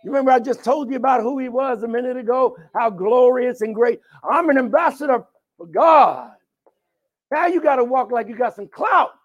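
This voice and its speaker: A man preaching a sermon with call and response. He swings from sudden shouts down to hushed asides. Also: very high-pitched, fairly quick, hardly any pauses, highs cut off.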